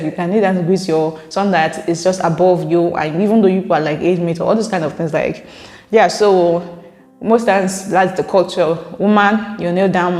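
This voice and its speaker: This vlogger, a woman with a Nigerian accent, keeps it casual as she responds to viewer comments, laughing frequently along the way. Her pitch is fairly low and a little mellow, and the room adds long, echoing reverb.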